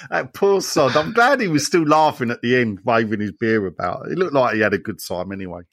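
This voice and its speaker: A man's voice: medium pitch, normal speed, dry recording, clean studio sound. A man hosting a podcast, reading listener messages aloud and trading jokes with his co-hosts. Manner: jokey banter with co-hosts, animated. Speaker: podcast host.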